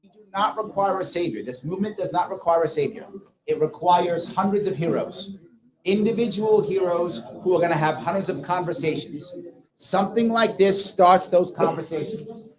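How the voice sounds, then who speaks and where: A man's voice: high-pitched, low-quality recording. A man running a fundraising auction at a political rally, coaxing bids with jokes. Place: brewery rally. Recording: lively crowd around.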